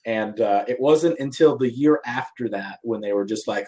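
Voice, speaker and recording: A man's voice: mid-range voice, moderate pace, a little mellow. A man co-hosting a casual podcast in a mid-range voice. He makes dry, self-deprecating jokes and tosses off wry asides in an easy, conversational way. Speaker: podcast co-host. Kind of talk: casual chat.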